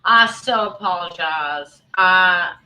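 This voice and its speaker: On a rough recording, a woman with a lowish, sharp voice speaks slowly as she hosts a casual livestream. Aggrieved and rambling, she works through complaints, calls out chat viewers by name, and keeps repeating and restarting.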